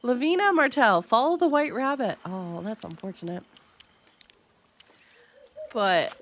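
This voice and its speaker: A woman's voice: fairly high pitch, very animated, a little slow, long pauses, a bit bright, slight background noise. A young woman streaming a game, chatting casually, laughing constantly and swearing freely. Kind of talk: casual live-stream chat while gaming.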